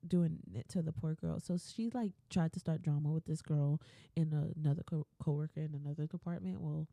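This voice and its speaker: A woman's voice: fairly low pitch, vocal fry, warm tone, dry recording. A young adult woman hosting a solo podcast, ranting bluntly and swearing, often mimicking other people's voices. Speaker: podcast host.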